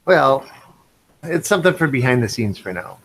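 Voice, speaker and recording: A man at mid pitch hosts a laid-back livestream and reads viewer chat aloud between remarks. His delivery is relaxed and conversational. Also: moderate pace, creaky, breathy edge, poor audio. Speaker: livestream co-host reading chat.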